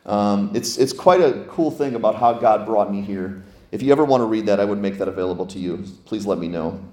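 A man, a lead pastor, preaching a lively, conversational sermon full of rhetorical questions. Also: lowish voice, a little fast, reverberant. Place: church sanctuary.

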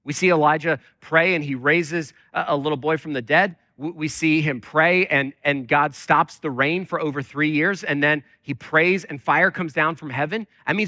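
A man's voice: high-pitched, pushed and bright, dry recording, studio quality. A man preaching a conversational sermon as lead pastor, talking with many fillers.

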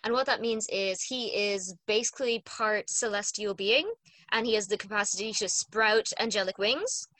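A woman talking about the tabletop game she runs as game master, in a relaxed, rambling chat full of ums and asides. Her voice sits at a middle pitch, and the sound is dry and close with no room echo. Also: moderate pace. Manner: chatty, explains at length with fillers. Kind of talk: casual chat.

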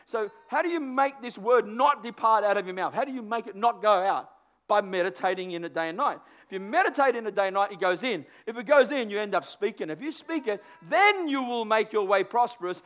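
A man preaching a sermon in an animated way, acting out inner thoughts and often repeating words as he goes. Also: high voice.

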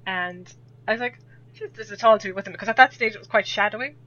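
A woman's voice: mid-range voice, quick pace, fairly bright tone. A young Irish woman telling a rambling story in casual chat, laughing often as a podcast guest. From Ireland. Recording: dull lo-fi audio.

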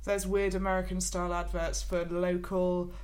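A woman improviser chatting on a comedy podcast, trading dry quick quips. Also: on the low side, flat delivery, a little mellow.

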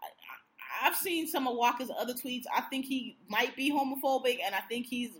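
A woman co-hosting a podcast in casual chat, with a blunt, profane, animated way of ranting. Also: high voice, a little fast. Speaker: podcast co-host.

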